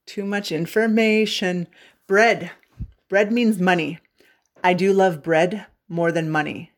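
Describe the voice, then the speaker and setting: A woman's voice: on the low side, steady tone, slow. Playful Canadian woman English teacher. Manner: playful, jokey, bursts into singing. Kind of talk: humorous language lesson on radio.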